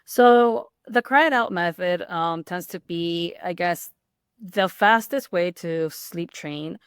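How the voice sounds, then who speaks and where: A woman's voice: on the low side, takes it slowly, smooth, dry recording, clean studio sound. A woman talking as a guest on a podcast, explaining at length in a rambling, conversational way with many fillers and restarts. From Hispanic background. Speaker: pediatric sleep consultant and guest. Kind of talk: casual podcast interview.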